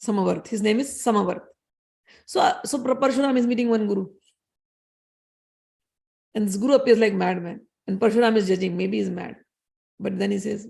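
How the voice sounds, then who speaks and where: A woman's voice: medium pitch, fairly quick, gravelly, pauses often, darkish tone. A woman giving an earnest scripture discourse as a spiritual teacher, repeating key phrases as she explains a story.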